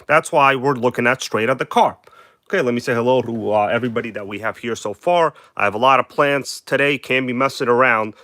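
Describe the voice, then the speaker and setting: A man's voice: medium pitch, a little fast, pushed and bright. A man with a New York accent talks casually on a live stream, greeting viewers one by one with an emphatic, chatty manner. His voice sits in a middle range, and the sound is dry with no room echo. He records through a phone at an indoor workbench.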